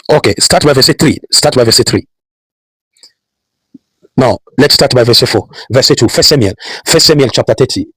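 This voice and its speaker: A man's voice: medium pitch, bright, forceful tone, breathy edge, no room sound, poor audio. A man preaching a sermon, repeating phrases and building emphasis as he calls out Bible verses. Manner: preaching with repetition and rising emphasis. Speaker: pastor.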